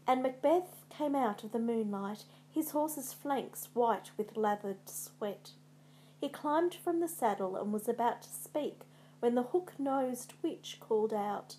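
A woman narrating a storybook in a dramatic, measured way. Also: fairly high pitch, expressive, mellow, a little hiss or hum.

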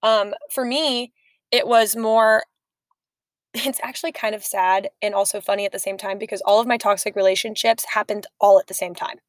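A young woman co-hosting a podcast, telling stories in a chatty, animated way. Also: mid-range voice, normal speed, dry recording. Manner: chatty, storytelling, animated asides. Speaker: podcast co-host. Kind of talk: casual chat.

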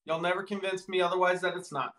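A man co-hosting a casual podcast, reacting with quick wisecracks. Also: sits high, fairly even intonation, fairly bright tone. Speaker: podcast co-host.

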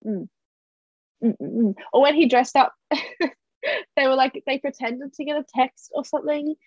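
Higher-voiced woman recapping reality TV. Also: unhurried, no room sound. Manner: recaps reality TV scenes with lots of "like". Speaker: podcast guest. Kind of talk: casual chat. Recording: dull lo-fi podcast audio.

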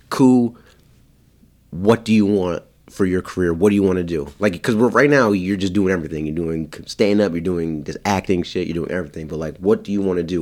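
A man's voice: deep voice, a little mellow. A man chatting casually as a podcast guest, joking and laughing often. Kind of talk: casual chat.

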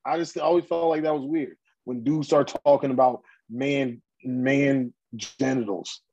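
A man's voice: medium pitch, steady tone, measured pace, gravelly, darkish tone, dull audio. A man hosting a casual podcast chat, ranting bluntly and heatedly in slang with many restarts. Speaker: podcast host.

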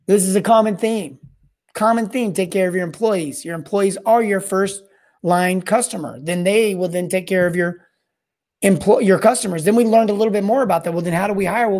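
A man hosting a solo podcast on plumbing service and sales, talking in a rambling, energetic way that often repeats and restarts words. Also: sits high, fairly quick. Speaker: podcast host.

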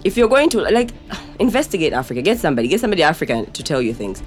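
A woman with a very low voice that still moves a lot in pitch co-hosts a casual podcast chat. She talks in a wry, teasing way. Faint music is heard behind her. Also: sing-song, rapid-fire. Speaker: podcast co-host.

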